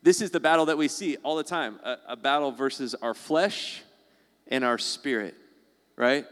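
Conversational male pastor, smooth voice. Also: mid-range voice, normal speed, in a large hall. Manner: conversational, acts out quoted voices. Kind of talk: sermon.

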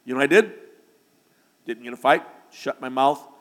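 Emphatic preacher in an echoing hall. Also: male voice, mid-range voice, normal speed. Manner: rising to loud emphatic declarations. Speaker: pastor. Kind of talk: sermon. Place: church sanctuary.

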